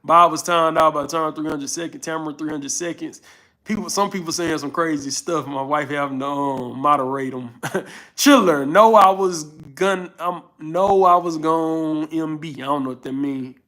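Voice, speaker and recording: A man's voice: a little high, moderate pace, bright, forceful tone. Laid-back Southern man with a Louisiana-Houston drawl. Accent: northern Louisiana and Houston Southern. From Houston, Texas. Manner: laid-back, drawling, thanks viewers often. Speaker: livestream host. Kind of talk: casual live stream chat reading comments.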